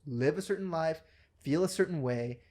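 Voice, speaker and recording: A young man co-hosting a podcast, telling stories in a casual, profane and animated way. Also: on the high side, normal speed. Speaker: podcast co-host. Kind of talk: casual chat.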